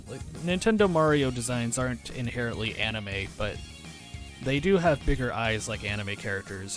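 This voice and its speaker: A man chatting casually on a livestream, rambling and answering his chat aloud. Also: medium pitch. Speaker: streamer. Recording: music playing under voice. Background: background music.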